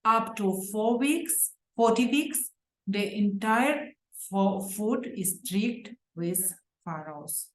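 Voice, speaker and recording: A woman with an Uzbek accent giving a medical lecture from slides, reading deliberately and pausing on fillers and self-corrections. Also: medium pitch, animated. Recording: roomy echo.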